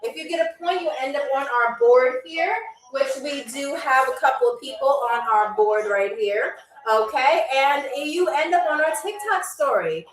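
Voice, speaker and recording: A woman's voice: high-pitched, moderate pace, few pauses. A woman from New York hosting a live trivia game show, chatty and playful, talking straight to her viewers. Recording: echoey room, distant mic, faint music.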